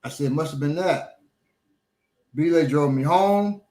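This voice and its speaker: Halting middle-aged man, roomy sound. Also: a little high, darkish tone. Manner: halting, many pauses and fillers. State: slightly slurred speech after a small stroke. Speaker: podcast host and instructor. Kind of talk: casual chat.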